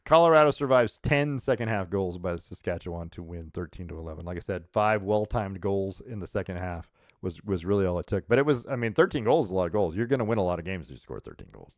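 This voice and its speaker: A man hosting a sports talk show in a loose, rambling way. His voice sits a bit low. The sound is dry and close, with no room echo. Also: expressive, quick pace. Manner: rambling, with frequent restarts and laughs. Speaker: sports podcast host. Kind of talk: casual sports chat.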